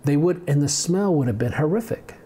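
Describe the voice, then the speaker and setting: A man's voice: a little high, lively intonation, brisk, warm tone, breathy edge. A male pastor giving a conversational sermon on video, reading scripture and adding humorous asides.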